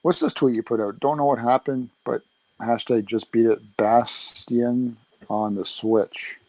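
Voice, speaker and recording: A man's voice: mid-range voice, fairly even intonation, a little slow, a little mellow, dry recording. A man co-hosting a podcast from his phone over a call, asking puzzled questions in casual chat. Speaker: podcast co-host. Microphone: phone on a remote call.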